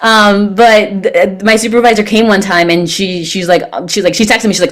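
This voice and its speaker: A woman chatting casually on a podcast, a therapist who also sings in a band, telling lively stories and acting out what people said. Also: mid-range voice, a little fast, few pauses. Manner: animated storyteller, acts out quoted remarks. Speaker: guest, therapist and band singer.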